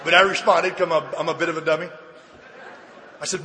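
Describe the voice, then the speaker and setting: An older man giving a personal testimony at a recovery convention, telling his story with shouted punchlines and sudden quiet drops. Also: fairly high pitch, steady tone, quick pace, pauses often, a little hiss or hum. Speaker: recovery meeting speaker. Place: large convention hall. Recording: reverberant hall recording with faint ambience.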